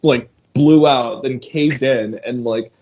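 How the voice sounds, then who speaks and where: A man co-hosts a podcast in casual conversation, speaking animatedly, swearing a lot, and acting out movie scenes while laughing. His voice is mid-range and slow with a somewhat dark tone. The audio is a little dull, with faint background noise.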